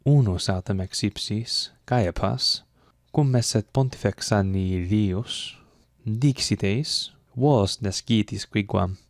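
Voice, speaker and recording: A man with a somewhat low voice teaches a Latin lesson in a measured, scripted style. He reads each phrase slowly before explaining the grammar. The recording is dry and close, with no room sound. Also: no echo.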